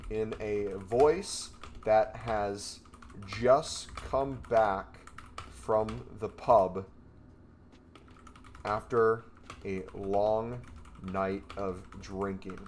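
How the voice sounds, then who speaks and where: A man's voice: fairly low pitch, drawn-out words, pauses often, slight background noise. A man in casual chat, playful and amused, giving spoken prompts to an AI. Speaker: gaming content creator.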